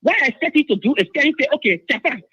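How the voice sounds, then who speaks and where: A woman's voice: high-pitched, expressive, racing, bright, forceful tone, no room sound. A woman with a Liberian English accent, calling in to a show, speaking urgently and insistently and repeating herself. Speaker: caller. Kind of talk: emotional phone-in account. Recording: dull phone line.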